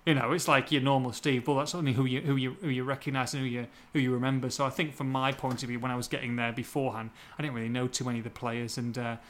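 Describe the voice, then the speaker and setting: A man from Hull, hosting a casual podcast chat, reading out listener questions and joking quickly. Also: medium pitch. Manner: quick, jokey and animated.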